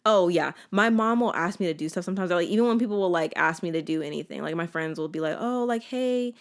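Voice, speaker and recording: A woman's voice: on the low side, fast talker. A woman in her twenties hosting a casual solo podcast, chatty and sarcastic, with a playful, filler-heavy way of talking. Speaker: podcast host.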